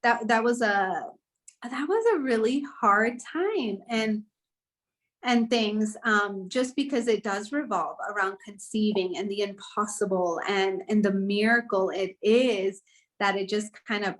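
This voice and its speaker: A woman's voice: medium pitch, measured pace. A young woman telling her personal story in a casual podcast conversation, earnest and rambling, with many "like" fillers. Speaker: guest sharing her story.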